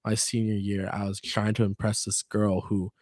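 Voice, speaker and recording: A man's voice: fairly low pitch, little pitch movement, moderate pace, a little mellow, no echo, clean studio sound. A young man hosting a podcast, talking in a laid-back, rambling way, full of fillers and swearing. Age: young adult. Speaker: podcast host. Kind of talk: casual chat.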